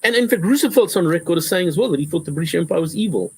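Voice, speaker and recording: A male professor answering interview questions in a lively conversational way, often restarting sentences and acting out quotes. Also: a little high, very fast, husky, poor audio. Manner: animated, repetitive restarts, acts out quotes.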